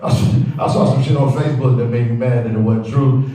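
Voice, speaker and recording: A fast-talking man with a mid-range voice works a stand-up set, telling animated stories, jumping loudly into quotes and repeatedly asking "you know what I'm saying." Laughter and crowd noise fill the background, and the live club sound is roomy, with the mic heard at a distance.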